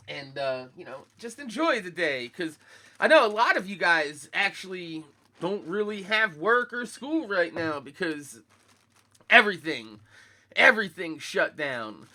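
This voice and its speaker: A young man, talking laid-back and profane in sneaker-head slang. His voice is high for a man and very bright and sharp, with a groggy morning roughness. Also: animated, unhurried. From Philadelphia, USA. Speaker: sneaker vlogger. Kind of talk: casual chat to live viewers.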